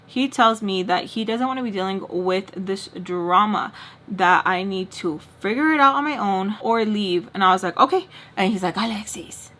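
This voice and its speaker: A woman vlogger telling a story casually, acting out both sides of the arguments. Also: mid-range voice. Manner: fast animated retelling, acts out both sides of arguments. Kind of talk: casual storytime, quoting others.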